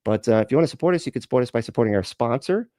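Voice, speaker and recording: A man's voice: mid-range voice, animated, rapid-fire, dark tone, no room sound, studio quality. A man hosting a casual reaction stream, rambling and profane, laughing often.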